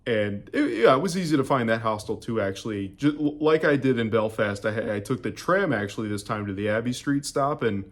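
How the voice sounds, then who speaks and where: A man's voice: mid-range voice, expressive, a little fast, few pauses. A young man from the United States giving a casual, rambling travel recap to camera, full of fillers and restarts. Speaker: travel vlogger.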